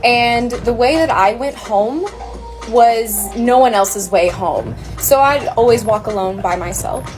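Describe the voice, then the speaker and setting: A woman telling a casual storytime, chatty and animated. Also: on the high side, unhurried. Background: music.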